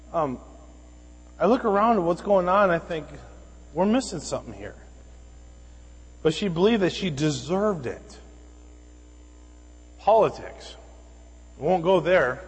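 A pastor preaching a sermon, telling stories in an animated way and acting out the voices of the people he quotes. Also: on the high side, slightly rough, in a large hall, low-quality recording. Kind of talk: sermon with storytelling.

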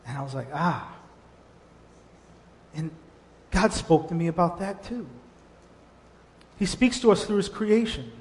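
A middle-aged man, a pastor preaching a sermon, telling stories in an animated way with frequent restarts. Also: sits high, moderate pace, long pauses. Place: church sanctuary. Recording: long hall reverb.

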